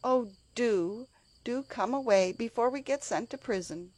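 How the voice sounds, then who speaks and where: A woman voicing an anxious, pleading young girl in a storybook reading, pitched far above her own voice. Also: unhurried, a little mellow, no echo, close to an everyday voice.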